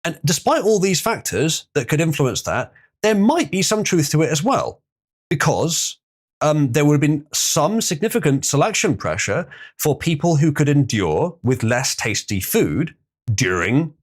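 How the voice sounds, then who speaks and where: A man's voice: fairly high pitch, very animated, measured pace. A man hosting a live stream, chatting casually and reading viewer comments, rambling and opinionated with frequent ums. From Britain.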